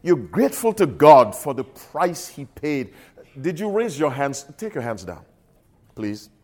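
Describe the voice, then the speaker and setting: A man preaching a sermon with a lively, animated voice that rides up and down. He swings between loud, emphatic appeals and soft, low asides in a call-and-response style. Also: a little slow.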